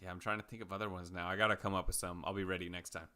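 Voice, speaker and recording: A man co-hosting a podcast, chatting casually about soccer picks and betting odds, relaxed and rambling with fillers. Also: low-pitched, very fast, clean tone. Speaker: podcast co-host. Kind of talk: casual sports betting chat.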